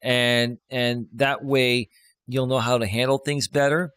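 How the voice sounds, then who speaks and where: Male life coach, mid pitch, dry close sound, casual reassuring live stream host. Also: steady tone, a little slow, fairly bright tone, clear, resonant tone, dry recording. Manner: reassuring, explains step by step.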